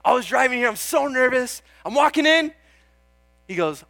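Bright high-voiced young preacher. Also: male voice, animated, moderate pace, creaky, no echo. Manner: earnest and chatty, calling out "Amen?" to the crowd; self-deprecating, laughs at himself. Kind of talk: sermon.

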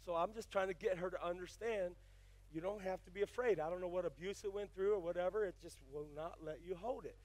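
Older preacher guy, real high bright voice, folksy then fired up, dry close sound. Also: fast talker, dry recording. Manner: folksy storytelling that builds to fiery shouted preaching. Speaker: pastor. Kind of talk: sermon.

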